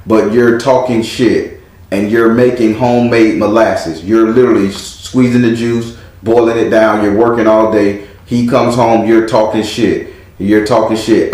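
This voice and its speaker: A man's voice: medium pitch, fairly even intonation, unhurried, darkish tone. A man giving a casual past-life tarot reading, blunt and profane, telling the story vividly with sound effects. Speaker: tarot reader. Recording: very echoey room.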